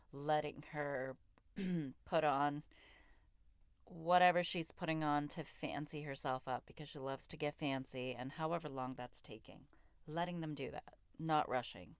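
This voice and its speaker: A woman in her thirties, raised in a Pakistani immigrant family, delivers a candid solo podcast monologue in a low-pitched, clean voice. She talks in a raw, profane, emphatic and self-reflective way, and the studio sound is clean with no echo.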